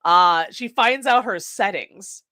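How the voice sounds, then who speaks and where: A woman's voice: medium pitch, expressive, slow pace, pushed and bright, no room sound, clean studio sound. A woman co-hosting a podcast, retelling a movie plot in casual, profane chat and laughing often. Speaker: podcast co-host.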